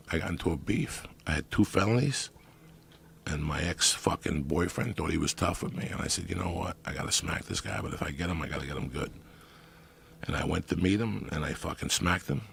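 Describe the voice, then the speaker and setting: A middle-aged man telling profane comic stories in a loud, animated way. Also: low-pitched, creaky, slight background noise. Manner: loud animated storytelling with heavy swearing. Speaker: podcast guest storyteller. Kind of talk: profane comedic storytelling.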